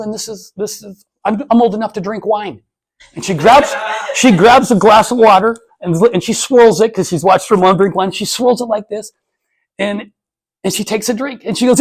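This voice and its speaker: A man speaking to a live audience in a motivational talk. He tells his stories with energy and acts out the voices of the people in them. His voice sits a little higher than most men's. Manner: animated storyteller, acts out voices in his anecdotes.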